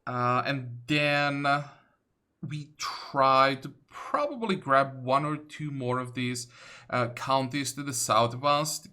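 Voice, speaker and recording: Man, slow unhurried pace, bright tone, thinking-aloud game commentary. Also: mid-range voice. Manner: thinking aloud, many fillers and self-corrections. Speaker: let's play host. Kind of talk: casual gameplay commentary.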